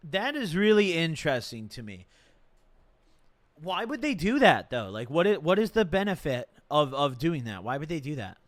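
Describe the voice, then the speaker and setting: A man's voice: fairly high pitch, very animated, moderate pace, no echo. A man streaming live, casually rambling and slangy as he reads a legal document aloud and reacts to it. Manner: rambling, repeats himself, slangy.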